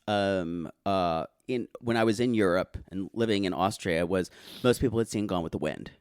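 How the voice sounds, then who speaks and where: A man from South Carolina, co-hosting a podcast in casual, catty chat and jumping into high voices when quoting people. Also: normal speed, smooth, no room sound, studio quality. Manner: catty, theatrical, jumps into high-pitched voices for quotes. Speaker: podcast co-host.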